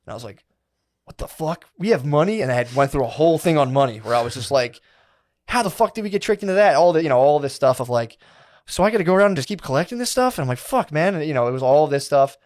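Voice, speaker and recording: With a medium pitch and a fast delivery, this thirtysomething podcast co-host rambles through a profane anecdote in casual conversation. He animatedly retells it, quoting what people said and their inner voices.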